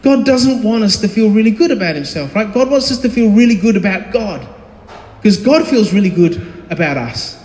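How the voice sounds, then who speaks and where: Male pastor, thirties, high voice, chatty sermon style full of ums and restarts, long reverb from the hall. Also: expressive, moderate pace, a little mellow. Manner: conversational, with frequent fillers and restarts. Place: church hall. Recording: echoey hall.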